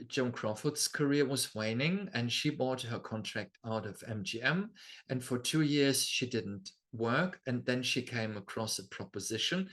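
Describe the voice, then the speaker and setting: A man with German as his first language presents a talk over slides in a chatty, unhurried way. He takes his time, speaks at an ordinary middle pitch, and keeps checking in with the listener through tag questions and small fillers. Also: fairly bright tone. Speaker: astrology lecturer.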